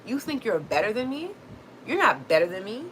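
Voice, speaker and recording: A woman's voice: medium pitch, very animated, a little fast, slight background noise, voice pushed up, close to an everyday voice, poor audio. A woman putting on the voice of a resentful parent who scolds and demands attention. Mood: indignant. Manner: indignant, scolding.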